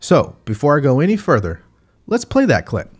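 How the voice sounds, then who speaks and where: A man's voice: on the high side, huge pitch swings, moderate pace, husky. A man hosting a political commentary channel, speaking emphatically and addressing the viewer directly.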